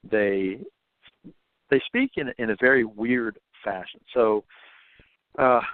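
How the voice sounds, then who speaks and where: A guest author on paranormal folklore talks in a casual podcast interview, thoughtful but often stumbling and repeating words. His medium-pitched voice is slow, with no room sound, over a dry, phone-like line.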